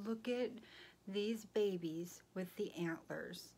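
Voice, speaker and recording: Woman vlogger, easy slow delivery, giggly and gushing over small gifts, recorded on a phone. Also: mid-range voice, a little hiss or hum. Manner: chatty, giggly, gushing, drifts into soft whispers. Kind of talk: casual chatty haul video.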